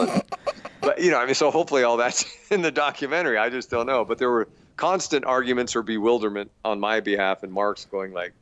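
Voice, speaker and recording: A man's voice: mid-range voice, fast talker, fairly bright tone, smooth. A middle-aged man, an actor and producer, tells behind-the-scenes stories in a casual interview, laughing and swearing often. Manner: laughing, profane anecdotes.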